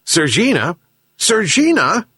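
A man doing a gentle old fisherman's voice. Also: fairly high pitch, wildly swooping pitch, measured pace, slightly rough, no room sound, voice pushed up, full character voice. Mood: calling. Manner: pleading, calling out loud.

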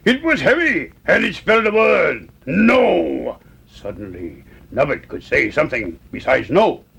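A man reading a children's story aloud in a lively, sing-song way. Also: a little high, measured pace, creaky, husky, poor audio. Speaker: narrator.

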